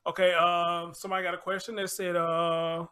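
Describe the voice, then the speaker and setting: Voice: mid-range voice, little pitch movement, normal speed, pushed and bright, smooth. Laid-back stream host, chatty, relays chat questions. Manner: casual, joking, reads viewer questions. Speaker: show host. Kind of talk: live-stream call-in chat.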